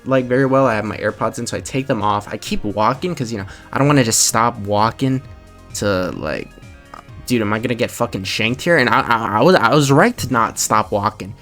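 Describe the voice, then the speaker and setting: A man's voice: mid-range voice, brisk, fairly bright tone. Young man, twenties, rambling storytime vlog, lots of swearing, faint music behind. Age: 20s. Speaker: vlogger. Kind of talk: casual storytime rant.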